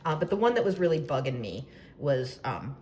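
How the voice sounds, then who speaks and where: A woman's voice: a bass voice, sing-song, fairly quick, darkish tone, a little hiss or hum. A woman hosting a baking tutorial, chatting casually with playful, self-deprecating asides as she demonstrates.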